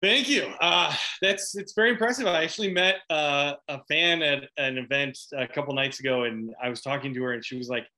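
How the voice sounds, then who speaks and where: A middle-aged man from Chicago, an actor chatting in an interview, animated and quick to laugh, with lots of restarts. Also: fairly high pitch. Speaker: actor guest. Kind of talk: casual interview chat.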